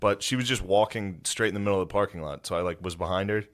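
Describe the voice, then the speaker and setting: A man's voice: low voice, quick pace. A man co-hosting a comedy podcast, telling profane stories in a casual chat and laughing often. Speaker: podcast co-host.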